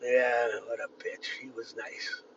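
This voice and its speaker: A man in his fifties telling rambling personal stories in a gruff manner, swinging between loud outbursts and low muttering. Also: little pitch movement, measured pace, background noise. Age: 50s. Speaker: vlogger. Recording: distant, dull lo-fi with faint ambience.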